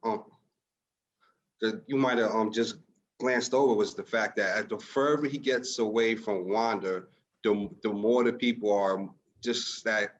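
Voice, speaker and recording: A man co-hosting a podcast and chiming in on a TV episode, halting and restarting his sentences. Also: fairly low pitch, fairly even intonation. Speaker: podcast co-host. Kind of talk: casual TV episode review. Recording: dull lo-fi podcast audio.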